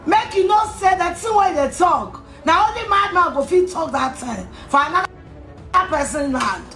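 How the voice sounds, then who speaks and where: A Ghanaian woman in a heated, insulting rant, repeating herself and shouting at times. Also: extremely high pitch, animated, normal speed, gravelly. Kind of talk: angry rant to camera. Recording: echoey room with faint music.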